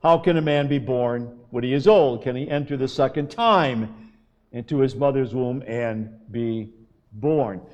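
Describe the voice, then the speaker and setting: A man preaching a sermon, slow and emphatic, with long pauses. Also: on the high side, a little mellow. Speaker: pastor.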